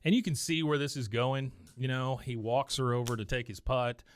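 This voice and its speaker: A man's voice: mid-range voice, normal speed, no room sound. Man, podcast co-host, casual recap, mid-range voice, dry close sound. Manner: retells scenes, briefly lifting his voice for quoted lines.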